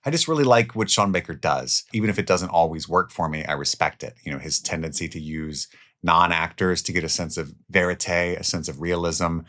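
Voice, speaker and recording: A man with a very low, deep voice gives his picks of the year's films in a loose, chatty way. His delivery swings between excited, louder bursts and quiet, muttered asides, with the odd swear word. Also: fairly quick. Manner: enthusiastic, swears casually, jumps between loud highs and quiet lows. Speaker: film reviewer. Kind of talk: casual spoken movie countdown.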